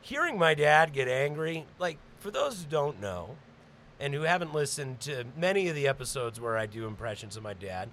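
Brief: male podcast host, lively storyteller, high bright voice. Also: moderate pace, a little hiss or hum. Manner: animated, swearing, laughing storyteller. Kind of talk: casual chat, storytelling.

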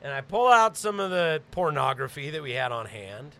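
A man hosting a podcast, telling a crude story and shouting when he acts out scenes. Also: on the high side, moderate pace, vocal fry. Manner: animated, shouts when reenacting. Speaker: podcast host.

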